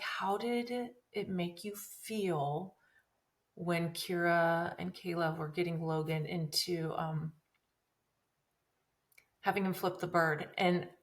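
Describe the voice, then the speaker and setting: A woman's voice: mid-range voice, moderate pace. A woman in her thirties hosting a podcast, telling a personal story in an emotional, earnest way that rambles with many restarts. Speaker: podcast host.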